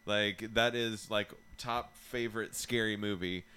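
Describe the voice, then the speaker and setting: A man's voice: lowish voice, fairly even intonation, measured pace, sharp tone, smooth. A young man hosting a podcast in casual chat, joking crudely and laughing easily, speaking into a handheld mic. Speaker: podcast host.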